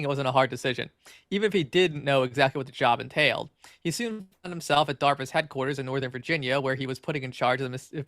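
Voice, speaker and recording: A podcast co-host reading an article aloud, stumbling, restarting and filling gaps with "like" and "uh". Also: male voice, medium pitch, fairly bright tone, no echo, studio quality. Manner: fast, filler-heavy reading with frequent stumbles and restarts.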